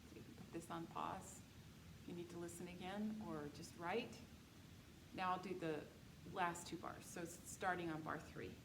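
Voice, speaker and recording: A woman's voice: on the low side, steady tone, normal speed. A woman teaching a music theory lecture, patiently explaining dictation exercises and counting beats aloud. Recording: echoey room with background noise.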